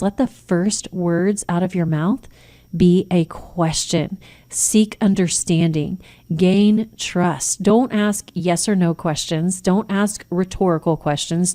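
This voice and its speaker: A woman's voice: lowish voice, dark tone. An American woman hosting a Christian radio show, giving earnest parenting advice and acting out sample phrases. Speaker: radio host, nurse practitioner.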